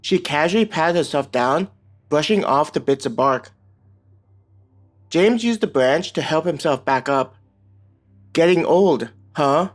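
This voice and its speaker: A man's voice: a little high, expressive, measured pace. Man narrating a web novel over music. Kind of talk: scripted audiobook narration. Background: soft background music.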